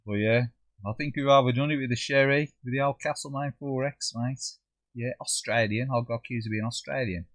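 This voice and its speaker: A man's voice: mid-range voice, steady tone, brisk, fairly bright tone, dry recording. A man with a Black Country accent, chatting casually with viewers while he plays a game on a livestream, trailing off and joking as he goes. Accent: Black Country English. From English Midlands. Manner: chatty, swears, drops into funny quoted voices. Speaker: livestream gamer. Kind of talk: casual chat while gaming, reading live chat.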